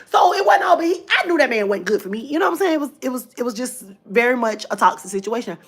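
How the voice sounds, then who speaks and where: A woman hosting her own livestream, telling a personal story in a lively, casual way, repeating phrases for emphasis. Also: a little high, quick pace, breathy edge. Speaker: livestream host.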